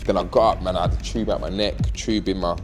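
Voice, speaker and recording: A man with a London accent talks quickly and candidly in an interview, his voice sitting very low. He is animated and slangy, cursing freely as he recounts events. Music plays clearly under his voice. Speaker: interviewee, knife crime campaigner.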